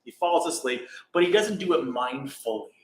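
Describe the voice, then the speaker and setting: A man gives a dharma talk in a loose, rambling way, full of fillers and restarts. His voice sits a little high for a man. The room is roomy and echoing. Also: animated, moderate pace. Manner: rambling, informal, many fillers. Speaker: meditation teacher. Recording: echoey room.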